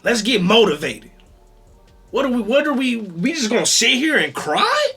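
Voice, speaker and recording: A man acting out a fired-up male rugby player rallying his team at halftime, shouting and swearing. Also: high-pitched, lively intonation, normal speed, slightly rough, faint music behind, pitched above the performer's own voice, full character voice. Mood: pleading, rousing. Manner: shouting, profane, urgent.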